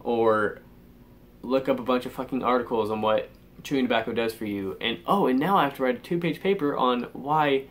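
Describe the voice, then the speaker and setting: A man's voice: medium pitch, brisk. A teenage boy ranting angrily in a vlog, swearing constantly and sighing in exasperation. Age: teens. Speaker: vlogger.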